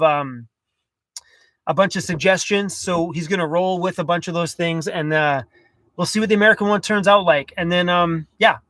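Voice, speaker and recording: A Canadian man chats through a casual livestream, his voice sitting notably high for a man. He rambles in a loose, friendly way, full of "um"s and quick apologies. The sound is close and dry, with almost no room around it. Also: fairly bright tone, dry recording. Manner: chatty, loose, frequent fillers and apologies. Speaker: livestream host. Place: inside a camper van.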